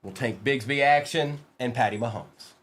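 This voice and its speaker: With a medium-pitched, fairly bright voice at normal speed, a card-break streamer announces the players he pulls from packs and teases his viewers in good fun.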